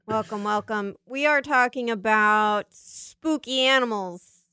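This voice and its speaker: A woman's voice: on the high side, slow, bright, forceful tone. A woman hosting a podcast, joking playfully in casual comedic chat. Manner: playful, jokey. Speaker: podcast host.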